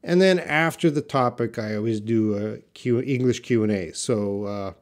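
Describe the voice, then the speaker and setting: A Canadian man with a Canadian accent teaches a live-streamed English pronunciation lesson, patiently explaining and replying to chat viewers by name. His voice is medium-pitched and his pace moderate.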